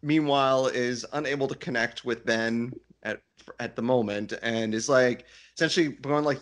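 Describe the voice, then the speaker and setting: A man's voice: mid-range voice, normal speed. A man co-hosting a casual book-club podcast, retelling scenes with frequent laughter. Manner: giggly, animated retelling. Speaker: podcast co-host.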